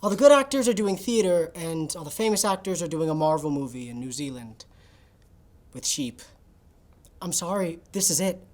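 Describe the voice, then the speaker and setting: A woman's voice: fairly low pitch, animated, moderate pace, darkish tone, natural voice. A woman playing a nonchalant, scheming young male assistant who talks offhandedly over a video call in a comedy sketch.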